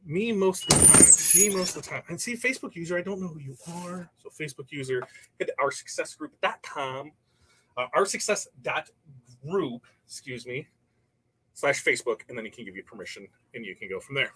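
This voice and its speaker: A man's voice: medium pitch, sing-song, fairly quick, sharp tone, breathy edge, poor audio. A man hosting a casual livestream from his workshop, rambling through viewer comments and stories with frequent laughs. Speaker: livestream host. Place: workshop while pressing shirts.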